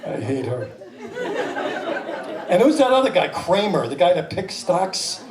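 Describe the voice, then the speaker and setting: A male stand-up comedian in his fifties with a high, lively voice, jumping into silly voices. He sounds a little far from the mic. An echoey club and a laughing crowd sit behind him. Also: measured pace, background noise. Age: 50s. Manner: animated, slipping into exaggerated voices. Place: small comedy club stage. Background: audience laughter.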